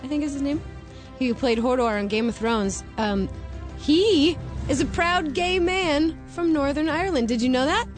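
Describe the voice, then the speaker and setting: A woman's voice: high voice, normal speed, soft background music. A woman co-hosting a radio show, chatting casually and reading entertainment news. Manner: chatty, reads entertainment news, laughs easily. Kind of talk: casual morning show banter.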